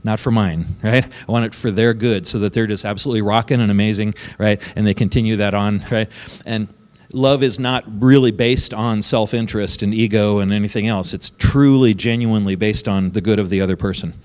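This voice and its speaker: Chatty pastor in a reverberant church. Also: male voice, lowish voice, fairly even intonation, a little fast. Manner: conversational, keeps asking "right?" and chuckling. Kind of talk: sermon. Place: church sanctuary.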